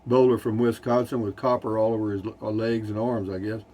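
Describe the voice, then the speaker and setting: A man's voice: lowish voice, flat delivery, brisk, mellow. An older man with a Texan accent, casually reading viewer comments from his motorhome, rambling and dryly joking. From Texas. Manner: folksy, rambling, dry humor. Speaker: RV vlogger. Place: inside a Class C motorhome.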